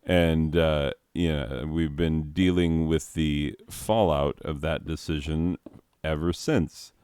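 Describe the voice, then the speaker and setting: A man with a very low, smooth, resonant voice talks slowly and unhurriedly over a game. He rambles off into history tangents and laughs at his own jokes. The sound is close and dry. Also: a little mellow. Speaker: game video host; teacher. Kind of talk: casual gaming commentary.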